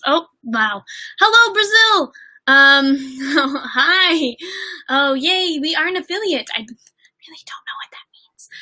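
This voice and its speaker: A woman's voice: high-pitched, pushed and bright, rough recording. A young woman chatting casually on a livestream while doing her makeup, bubbly and rambling, reading messages from the chat. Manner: chatty and bubbly, lots of fillers and giggles, reads out chat. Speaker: livestream host.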